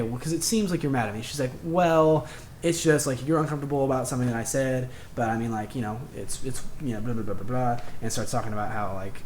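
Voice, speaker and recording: A man's voice: medium pitch, slight background noise. A young man hosting a podcast, telling a personal story in a rambling, frustrated way with plenty of swearing. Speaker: podcast host. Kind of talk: casual personal monologue.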